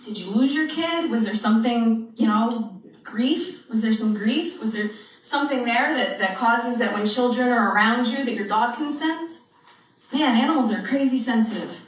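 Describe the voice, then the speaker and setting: At a moderate pace, a woman with a voice on the high side relates a funny spiritual story in a chatty manner, laughing often as she goes. She is a spiritual speaker, picked up by a distant mic in a very echoey room with a little hiss or hum.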